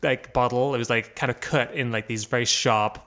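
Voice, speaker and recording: A man telling a story as a podcast guest, hesitant and filling pauses with ums. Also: mid-range voice, steady tone, fairly bright tone. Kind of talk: casual storytelling.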